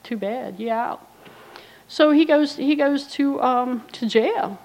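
A woman's voice: high voice, slow, a little mellow, poor audio. A middle-aged woman giving a personal recovery testimony, telling her story bluntly and wryly, with quoted asides. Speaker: recovery speaker.

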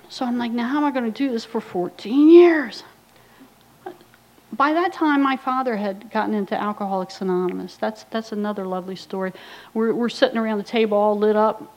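A woman's voice: a little high, poor audio. A middle-aged woman giving a personal recovery testimony, telling her story bluntly and wryly, with quoted asides. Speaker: recovery speaker.

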